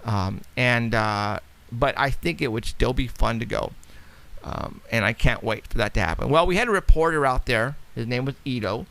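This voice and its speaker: A man's voice: medium pitch, moderate pace, gravelly, a bit bright. A man hosting a radio talk show, chatting in a rambling, casual way. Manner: rambling, chatty, laughs often.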